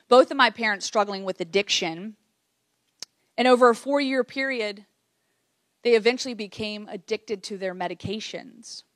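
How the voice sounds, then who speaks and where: A woman's voice: medium pitch, a bit bright, no echo, clean studio sound. A woman in her late thirties giving an emotional keynote speech to a live audience, earnest, repeating phrases for emphasis. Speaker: keynote speaker. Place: event room with audience.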